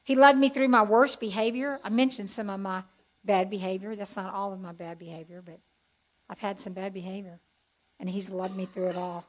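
A woman's voice: medium pitch, fairly even intonation, fairly quick, low-quality recording. A woman giving a chatty, heartfelt testimony as a Bible teacher to a group. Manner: folksy, chatty and heartfelt, with asides to the audience.

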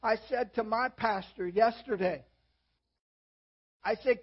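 Folksy older preacher man, husky and high. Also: slow pace, pauses often. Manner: folksy, self-deprecating, with sudden emphatic rises. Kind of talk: sermon. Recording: dull lo-fi audio.

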